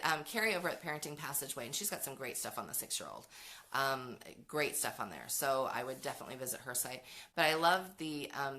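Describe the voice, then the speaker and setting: A middle-aged woman talks through parenting advice in a casual, frank way, full of fillers and quick restarts. Her voice sits low for a woman yet sounds bright and forceful. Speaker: parenting educator hosting a show. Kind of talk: casual advice talk, answering comments.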